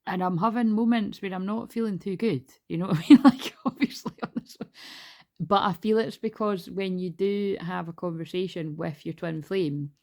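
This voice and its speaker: A woman with a lowish voice chats through a tarot card reading. She rambles, laughs often and swears freely, as if talking to her followers. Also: moderate pace, darkish tone. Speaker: tarot reader. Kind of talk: casual spiritual card reading.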